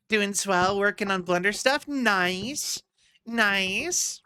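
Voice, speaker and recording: Rambling streamer chatting w viewers, bright clear voice, says y'all a lot. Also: medium pitch, animated, slow pace. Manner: uses "y'all". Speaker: live streamer. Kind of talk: casual stream chat.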